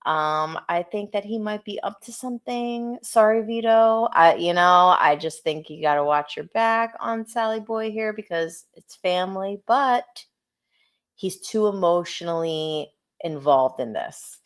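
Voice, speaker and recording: A woman co-hosting a casual wrestling review chat, animated and laughing, poking fun at herself. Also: medium pitch, unhurried. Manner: animated, laughing, self-deprecating. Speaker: podcast co-host.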